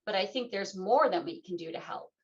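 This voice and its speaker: A middle-aged woman hosting a talk radio show, chatting in a lively, playful way and acting out the voices she quotes. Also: medium pitch, fairly quick, husky. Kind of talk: casual conversational interview. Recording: dull lo-fi sound.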